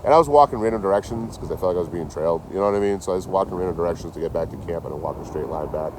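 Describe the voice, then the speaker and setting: A man chatting casually to his livestream chat outdoors, telling stories in an animated, swearing way. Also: low voice, racing, background noise. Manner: animated, swears a lot, talks to chat by name.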